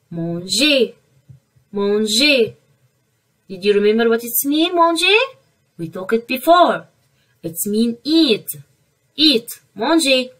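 A woman teaching an online French vocabulary lesson to young children, repeating each word slowly to drill pronunciation. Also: a little high, a bit bright, breathy edge, far from the mic, poor audio.

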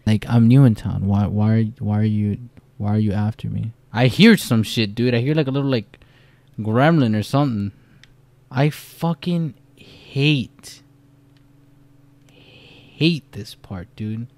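A man's voice: fairly low pitch, slow pace, darkish tone, dry recording. A young man giving casual let's-play commentary, jumpy and profane, rambling through his reactions. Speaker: gamer.

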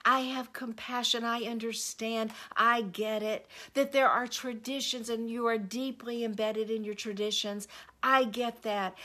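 A woman who is a spiritual director, leading a devotional teaching with spoken prayer in an earnest, unhurried way that often sinks to a hush. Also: fairly high pitch.

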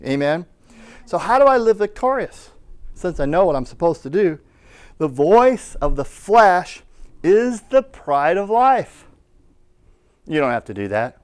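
A man preaching a Bible school class, exhorting his listeners, calling for amens and reading scripture aloud. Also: a little high. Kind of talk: sermon.

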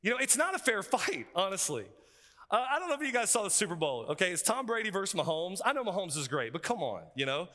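A male pastor, preaching a sermon in an energetic, conversational way with frequent asides. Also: high-pitched, quick pace. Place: seminary chapel. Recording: reverberant hall.

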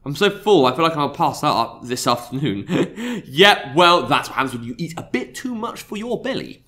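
A man's voice: fairly high pitch, very animated, moderate pace, sharp tone. A man hosting a visual novel let's play, reading lines aloud and joking between them with frequent laughs. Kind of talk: casual let's play commentary with read-aloud voices. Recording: game music behind the voice.

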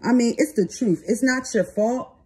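A woman's voice: a little high, normal speed, warm tone, slight background noise. Blunt, streetwise woman tarot reader. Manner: blunt, streetwise, swears freely. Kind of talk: tarot reading and card commentary.

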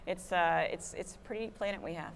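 A woman from Massachusetts, an astronaut guest, chatting with an audience in a lively way and telling anecdotes. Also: lowish voice, brisk, creaky, a little hiss or hum. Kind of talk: public talk answering audience questions. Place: museum auditorium.

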